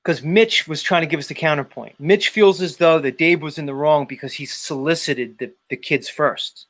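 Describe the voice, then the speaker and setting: A man hosting a live stream, talking casually in an animated, rambling way with frequent swearing. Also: on the high side, moderate pace. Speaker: host.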